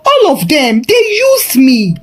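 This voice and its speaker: A woman's voice: medium pitch, sing-song, takes it slowly. A woman voicing a bitter, wounded young man who speaks coldly and accusingly to his mother. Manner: cold, accusing.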